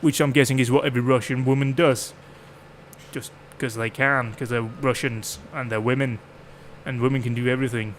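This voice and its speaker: His voice is mid-range with a steady tone, and slight background noise runs under it. The streamer chats and jokes casually through a farming game, swearing freely and doing quick mock voices.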